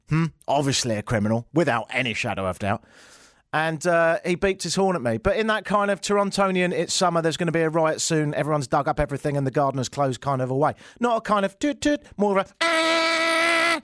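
A man's voice: medium pitch, dry recording, studio quality. A man hosting a radio talk show, telling jokey stories and acting out the other people in them with a raised voice. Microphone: studio microphone.

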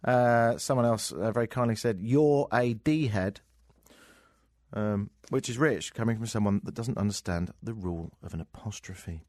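An English man hosts talk radio from a studio, riffing on the news with sarcasm and humor through a studio microphone. He speaks fairly quickly with hardly any pauses, in a fairly low, steady, slightly mellow voice. The studio-quality sound has no room noise.

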